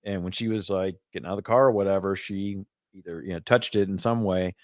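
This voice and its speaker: A man's voice: sits low, steady tone, fast talker, no echo, clean studio sound. A man chatting crudely on a podcast, trading jokes and laughing with his co-hosts. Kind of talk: casual chat.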